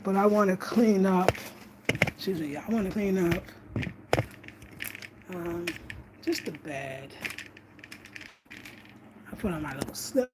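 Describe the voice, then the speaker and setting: A woman's voice: mid-range voice, expressive, slow, long pauses, heavy background noise. Chatty woman vlogging at home. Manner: chatty, laughs often, Southern US slang. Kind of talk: casual chat to camera. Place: outdoors at night on a country road, then indoors at home.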